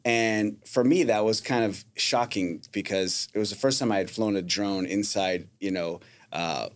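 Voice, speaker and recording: A man's voice: lowish voice, moderate pace. A man, a painter and contractor, telling rambling anecdotes in casual chat and acting out the voices he quotes.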